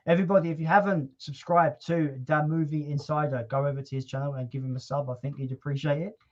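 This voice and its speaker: A man's voice: on the high side, fast, lo-fi sound, a little hiss or hum. Chatty man hosting a livestream. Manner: chatty, relaxed, swears casually. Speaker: livestream host. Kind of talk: casual livestream chat.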